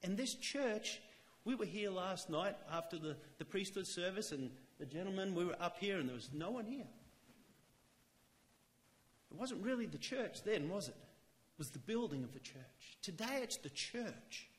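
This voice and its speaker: A man's voice: sits high, big pitch swings. Earnest man preaching in a reverberant hall. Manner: earnest, conversational, slows to stress key lines. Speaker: lay church speaker. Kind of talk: sermon. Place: church chapel.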